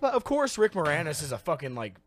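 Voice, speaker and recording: A man's voice: on the high side, big pitch swings, a little fast, a crowd in the background. A man co-hosting a podcast in casual chat about a movie, tossing out wisecracks and silly asides. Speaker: podcast co-host.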